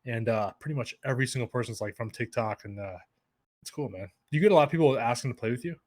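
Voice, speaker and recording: A man's voice: medium pitch, fast talker. A young adult man, a podcast guest, chatting casually and rambling with many fillers and restarts.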